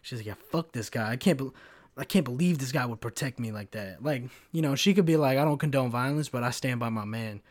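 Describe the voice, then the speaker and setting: Young dude in his 20s ranting solo on his podcast, swears a ton, chuckles at himself, average pitch. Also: brisk. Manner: loose and rambling, swears a lot, laughs at his own jokes. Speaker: podcast host. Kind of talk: casual solo podcast rant.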